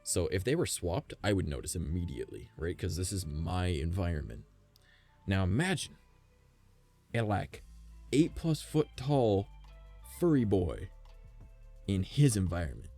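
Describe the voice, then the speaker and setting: Rambling, cussing deep-voiced streamer man. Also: very animated, normal speed, gravelly, long pauses, dark tone, soft background music. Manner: rambling, swears a lot, speculative. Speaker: livestreamer. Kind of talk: casual chat with stream chat. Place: at home, by his desk.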